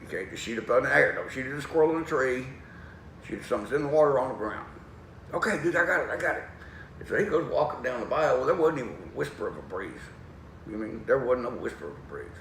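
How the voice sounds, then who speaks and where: A man telling a folksy story, animated and laughing as he goes. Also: medium pitch, fast talker, gravelly. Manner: lively, animated, laughs through his story. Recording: echoey room, distant mic, faint noise.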